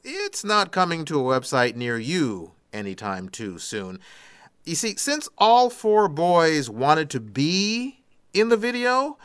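A man's voice: on the high side, fairly bright tone, clean tone, no room sound. A man hosting a radio show, reading strange news stories and adding sarcastic asides in a studio. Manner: sarcastic asides after each story. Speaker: radio host. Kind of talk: reading odd news with commentary.

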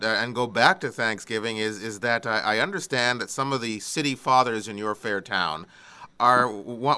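Bright, smooth-voiced radio host man. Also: medium pitch. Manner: polished host, leading the interview with questions. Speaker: radio talk show host. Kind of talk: radio interview.

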